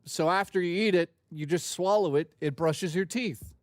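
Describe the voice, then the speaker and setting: A man's voice: high-pitched, moderate pace, no echo. A man casually chatting and joking on his live stream, loose and profane.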